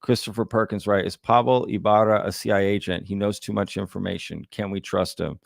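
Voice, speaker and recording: A man's voice: fairly low pitch, steady tone, fairly quick, gravelly, no echo, studio quality. A man hosting a live Q&A, reading chat comments aloud and laughing often. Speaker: livestream host.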